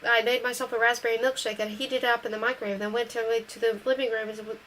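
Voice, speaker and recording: A woman reading a novel aloud in steady first-person narration. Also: a little high, quick pace, slight background noise, poor audio. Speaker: audiobook reader.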